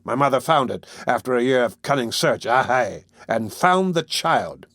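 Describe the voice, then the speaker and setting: A man's voice: mid-range voice, lively intonation, unhurried, fairly bright tone, dry recording, studio quality. Monks, a man reading a sullen bitter villain.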